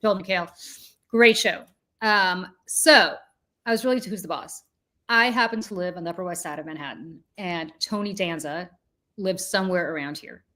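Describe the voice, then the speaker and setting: Woman in her forties, podcast host, animated storytelling, self-deprecating. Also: on the low side, normal speed. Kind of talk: casual chat.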